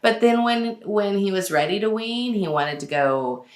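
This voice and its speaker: A woman's voice: mid-range voice, expressive, measured pace. A woman in her forties hosting a casual chat, talking freely with frequent laughs and filler words. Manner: chatty, laughs often, many fillers. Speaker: host. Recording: echoey room.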